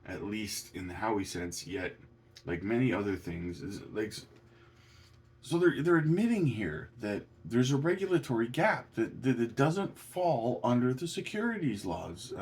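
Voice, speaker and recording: A man giving casual commentary on news and documents, indignant and halting, with many restarts, jumping up in pitch when incredulous. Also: darkish tone. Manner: indignant, rising to incredulous peaks. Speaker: crypto commentator.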